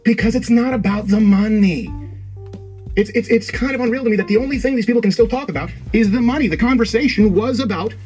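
A man's voice: very high voice, fast, a little mellow, soft background music. A man giving an intense, emphatic monologue in a played clip. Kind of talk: monologue commentary.

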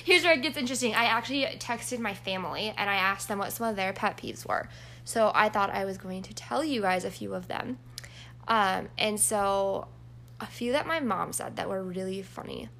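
A woman's voice: mid-range voice, normal speed, vocal fry, bright, forceful tone. A young woman co-hosting a casual chat, telling family stories and talking straight to listeners with a giggly manner. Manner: storytelling, giggly, addresses listeners directly. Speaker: podcast co-host.

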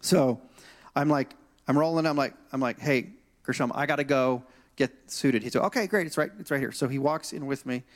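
A man's voice: mid-range voice, brisk. A male pastor preaching in a storytelling style, acting out dialogue from his anecdotes. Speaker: senior pastor. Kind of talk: storytelling sermon. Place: church stage.

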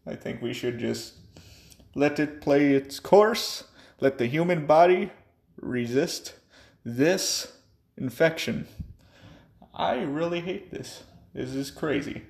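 A man's voice: on the high side, vocal fry. A young man ranting angrily and profanely in a monologue. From United States. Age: young adult. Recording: echoey room.

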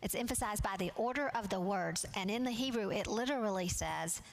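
A woman teaching a Bible study class from slides. She speaks in a measured, earnest way and leans on key words. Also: mid-range voice, vocal fry.

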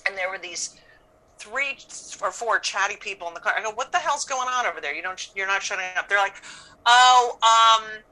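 A woman's voice: mid-range voice, moderate pace, pushed and bright, poor audio. A woman comedian telling stories in casual chat, blunt and profane, acting out what people said. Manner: blunt, profane, storytelling with acted-out quotes. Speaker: comedian guest.

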